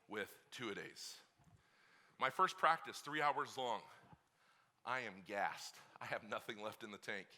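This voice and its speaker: Animated, forceful male preacher. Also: mid-range voice. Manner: animated storytelling, swings from hushed to shouting. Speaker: pastor. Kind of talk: sermon.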